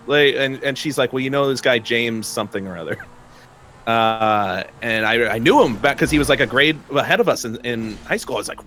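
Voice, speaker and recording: A man's voice: medium pitch, brisk, fairly bright tone, a little hiss or hum. A young man telling a long personal story in casual chat, rambling with many fillers and frequent laughs.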